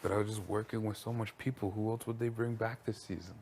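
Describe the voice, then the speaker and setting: A man's voice: on the low side, steady tone, fast talker, darkish tone, slight background noise. A man chatting in an easygoing, plain-spoken way in a reality show house, on a clip-on mic. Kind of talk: casual chat.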